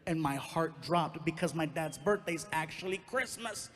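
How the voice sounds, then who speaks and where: A man doing stand-up comedy, telling a long personal story in an animated way and leaping into loud high voices for his characters. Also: normal speed. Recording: reverberant venue with faint background noise.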